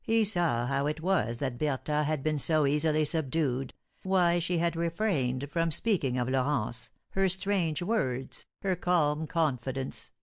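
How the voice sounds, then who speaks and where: A woman reads a classic novel aloud for an audiobook, her voice sitting notably low. The delivery is measured and steady, scripted narration throughout. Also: gravelly, dry recording, studio quality.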